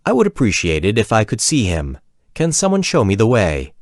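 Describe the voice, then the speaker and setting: A man voicing a courtly, self-assured male wizard with a gnomish accent, speaking formally and with measured politeness. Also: on the low side, wildly swooping pitch, no echo, studio quality. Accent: gnomish accent of the fantasy world.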